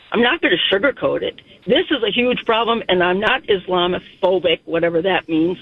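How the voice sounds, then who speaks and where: A woman calling in to a talk radio show, speaking emotionally and in a rush, her voice climbing high. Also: husky, dry recording. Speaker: caller. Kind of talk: phone-in talk radio call. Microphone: phone. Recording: tinny phone line.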